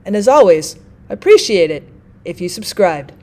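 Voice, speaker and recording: A woman's voice: medium pitch, big pitch swings, mellow. A woman teaching a lesson in a methodical, explanatory way. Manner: methodical, reads examples slowly. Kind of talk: explanatory lecture.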